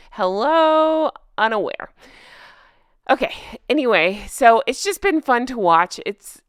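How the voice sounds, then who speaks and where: Her voice is fairly high and sing-song, smooth and slow, with clean studio audio free of room sound. She hosts a casual commentary vlog, reading news aloud while joking sarcastically and laughing often.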